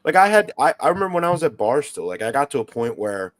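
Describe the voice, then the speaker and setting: A man's voice: medium pitch, very animated, fast. A man talking in a casual chat, reflective and conversational.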